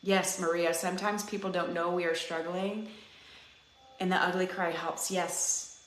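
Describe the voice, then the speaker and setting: A woman's voice: fairly low pitch, steady tone, measured pace. A woman in her thirties, a fitness coach, giving an earnest, chatty pep talk to her live-stream viewers and speaking right to them. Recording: roomy echo.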